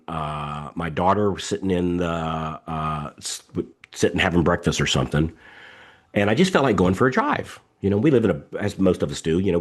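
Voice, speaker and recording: Middle-aged male coach, low voice, lively swings, emphatic repeating delivery, video-call mic. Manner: emphatic, repetitive, animated storytelling. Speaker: coaching host. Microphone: video call microphone.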